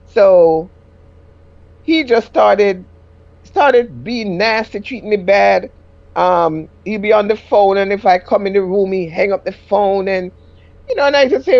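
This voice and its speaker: A woman's voice: medium pitch, normal speed, creaky, darkish tone, no echo, lo-fi sound. A middle-aged woman with a Jamaican accent, a caller telling a personal story in rambling casual speech that rises sharply when she quotes herself.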